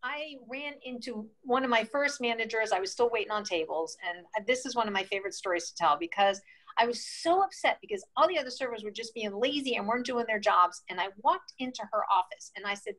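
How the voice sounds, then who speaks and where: A woman in her sixties from New York State, an interview guest telling lively stories and acting out the voices she quotes. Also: on the high side, brisk. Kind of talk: casual interview storytelling.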